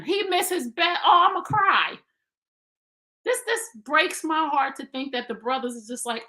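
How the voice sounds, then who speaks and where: A woman's voice: sits high, animated, moderate pace, bright, forceful tone. A woman in her fifties giving blunt, preachy relationship advice in a casual live stream, speaking straight to her viewers. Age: 50s.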